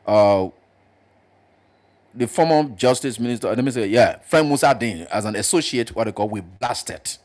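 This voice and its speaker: A man with a Liberian English accent, speaking emphatically as a panelist on a political talk show. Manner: emphatic, animated, jumps up in pitch to press points.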